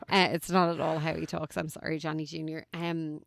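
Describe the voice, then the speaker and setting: Woman, podcast co-host, casual chat, fairly low voice, gravelly, thoughtful and drawn-out, dry close sound. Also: flat delivery, no echo. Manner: thoughtful, drawn-out, many fillers.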